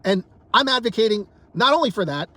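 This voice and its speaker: Man, high-pitched, heated monologue vlogger; fed-up, profane, restarts words when worked up. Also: lively intonation, brisk, sharp tone, dry recording. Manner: angry, exasperated, swears often. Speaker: political commentator. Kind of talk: heated political rant to camera.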